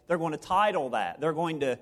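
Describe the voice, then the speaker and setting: A man with a high voice preaching a sermon to his congregation. He talks in a playful, conversational way and keeps circling back to the same phrases. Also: lively intonation, a little fast. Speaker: pastor. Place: church service before a live congregation.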